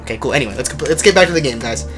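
A livestreamer giving casual horror game commentary, chatty with viewers and prone to loud yelps and nervous laughter. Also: medium pitch, expressive, racing, over music. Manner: chatty, talks to chat viewers.

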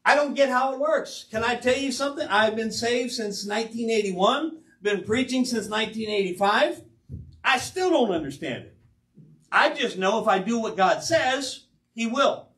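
An older man preaching an animated, emphatic sermon as pastor of his church, acting out quoted asides. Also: very high-pitched, moderate pace. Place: church sanctuary. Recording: roomy church sound from a distance.

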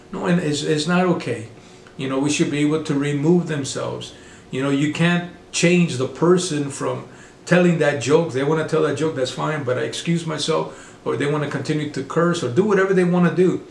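A middle-aged man preaching a sermon, halting often with fillers and restarts. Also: on the high side, creaky, reverberant, slight background noise.

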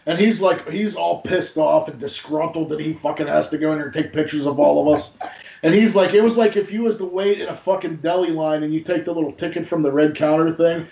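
Profane, animated storyteller with a high voice. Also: male voice, a little fast, gravelly. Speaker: podcast host. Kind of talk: casual storytelling. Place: home. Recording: echoey, dull lo-fi room sound.

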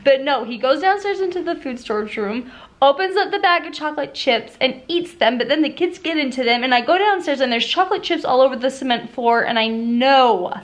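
Chatty, high-voiced woman vlogger. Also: lively intonation, fairly quick. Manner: chatty and playful, teasing her husband. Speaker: family vlogger. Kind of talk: casual chat. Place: home, partly in the backyard.

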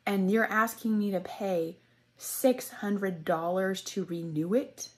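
A woman speaks slowly and deliberately, her voice husky and a little breathy. She is angry and indignant, circling back to the same points. Her pitch sits in an ordinary middle range. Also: fairly even intonation. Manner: indignant, repetitive, drops to whispers when praying. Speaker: customer complaining about a web host. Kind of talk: angry personal rant vlog.

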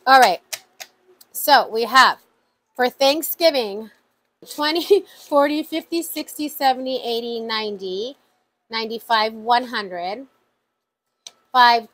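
A woman vlogging about her savings challenges, chatting excitedly to viewers and counting money out loud. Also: on the high side, slight background noise, rough recording. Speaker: budgeting vlogger. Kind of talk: casual vlog talk to viewers.

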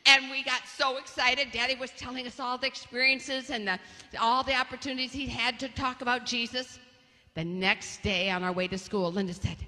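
A woman telling a story to children in a large church hall, lively and laughing as she acts out the voices. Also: a little high, normal speed. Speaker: children's speaker. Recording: long reverb of a large hall.

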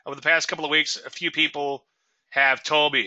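A man's voice: fairly high pitch, fairly quick, pushed and bright, no echo, dull audio. A middle-aged man from Louisiana giving trading commentary in a chatty webinar, with sarcastic asides and a habit of tagging "okay?" onto points.

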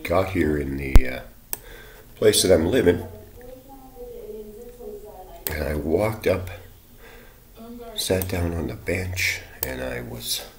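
A man's voice: a bass voice, lively intonation, takes it slowly, pauses often. A man telling a rambling, profane personal account and quoting others in bursts. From Canada. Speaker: vlogger.

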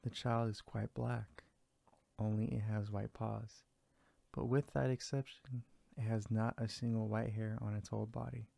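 A man voicing a greedy, sly female cat in a read-aloud fairy tale, in a cool, calm manner. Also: fairly low pitch, measured pace, creaky, no room sound, heavily acted. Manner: calm, cool storybook delivery.

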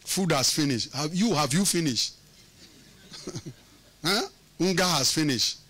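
A man's voice: on the high side, lively intonation, a little slow, sharp tone. A man preaching a sermon as pastor, emphatic and teasing, using call-and-response questions and repeating words for effect.

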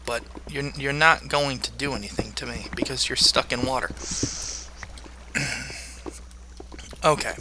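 A man's voice: mid-range voice, sharp tone, a little hiss or hum. A man giving chatty video game commentary, joking and talking to the monsters in the game. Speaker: gamer.

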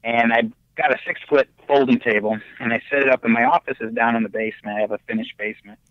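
A man telling his ghost story as a podcast guest, animated and excitable, with big jumps in his voice. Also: medium pitch, fast, no echo. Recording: dull, lo-fi remote audio.

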